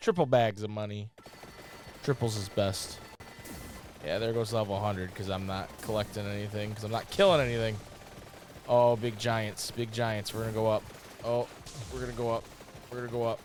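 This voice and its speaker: A man hosting a gaming video, giving rambling, jokey playthrough commentary, cursing freely and breaking into loud yelps. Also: fairly low pitch, moderate pace, pauses often, music in the background. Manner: excitable, swears freely, bursts into loud yelps. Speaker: gaming channel host.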